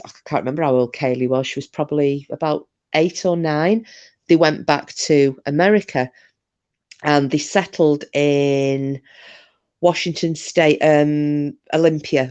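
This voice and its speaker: A woman's voice: low voice, steady tone, unhurried, a little mellow, clean tone, dry recording, dull audio. A woman with a Northern English accent, originally from Scotland, hosting a casual chat and telling rambling stories with the odd swear word. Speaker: host.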